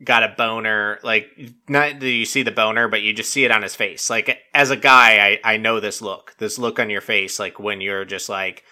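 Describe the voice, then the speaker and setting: Rambling, profane man with a sharp tone. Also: fairly low pitch, moderate pace. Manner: rambling and profane, heavy use of "like"; animated storytelling with mock quotes. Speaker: podcast host recapping a reality dating show. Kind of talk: casual recap chat.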